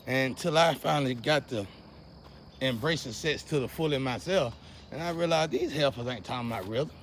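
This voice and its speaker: A young man, ranting to camera in a preachy, repetitive way that swings between loud outbursts and low muttering. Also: moderate pace, a little hiss or hum. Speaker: vlogger. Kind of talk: casual rant to camera.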